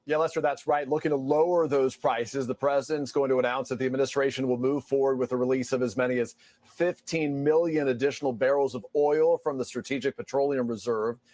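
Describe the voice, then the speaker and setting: A man's voice: medium pitch, fairly even intonation, brisk, darkish tone. A man delivering a television news report in a formal, polished manner. The sound is dry and close, with no room echo. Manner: crisp, formal newsreader delivery. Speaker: news correspondent.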